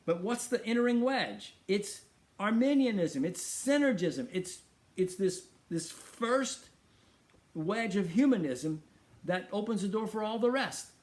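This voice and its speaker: A middle-aged man hosts a talk show in a high voice. He preaches emphatically and asks rhetorical question after question. He often repeats key phrases for weight. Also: lively intonation, unhurried. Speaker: radio show host. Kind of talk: preaching monologue.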